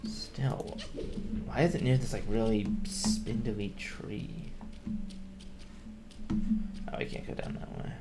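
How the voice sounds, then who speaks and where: A man's voice: lowish voice, lively intonation, takes it slowly, long pauses, loud music behind the voice. A man giving casual let's-play commentary, thinking aloud and grumbling wryly at the game. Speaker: gameplay commentator.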